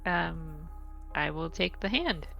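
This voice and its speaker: A woman player in a tabletop game speaks hesitantly and softly. Her voice carries a gravelly fry and swings lively in pitch. She takes her time, with faint music behind. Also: takes it slowly, dull audio. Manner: hesitant, soft-spoken.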